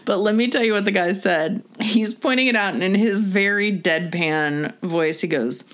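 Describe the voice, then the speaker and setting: A woman co-hosting a casual chat, telling animated anecdotes and laughing often. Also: mid-range voice, moderate pace. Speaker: podcast co-host.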